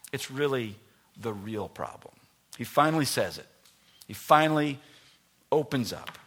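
A male pastor preaching a sermon, swinging between loud emphatic lines and soft near-whispers. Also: lowish voice.

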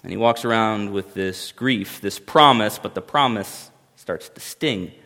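A man's voice: on the low side, a little slow, gravelly, pushed and bright. A man preaching a sermon as pastor, talking in a conversational and emphatic way with wry humor. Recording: long hall reverb.

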